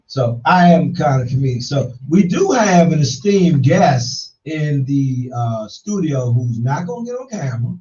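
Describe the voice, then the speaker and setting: A man's voice: sing-song, unhurried, hardly any pauses, mellow, slight background noise. A middle-aged man hosting a casual talk show, telling loose, rambling stories with playful jabs. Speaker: host. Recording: distant mic, dull low-fidelity sound.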